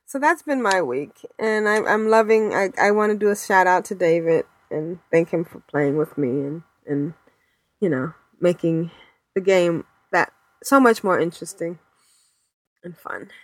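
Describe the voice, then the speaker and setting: A woman's voice: on the low side, expressive, unhurried, no echo. A woman co-hosting a podcast, chatting casually and rambling with fillers and laughs. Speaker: podcast co-host. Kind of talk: casual chat.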